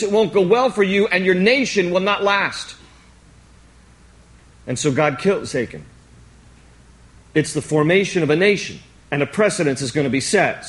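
A male pastor preaching a sermon, animated and joking, with emphatic repetition. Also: high voice.

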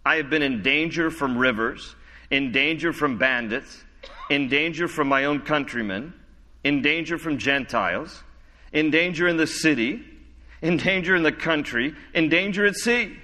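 A man's voice: fairly high pitch, normal speed, bright, forceful tone, in a large hall. A man preaching an expository sermon, reading scripture and adding conversational, wry asides. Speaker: pastor.

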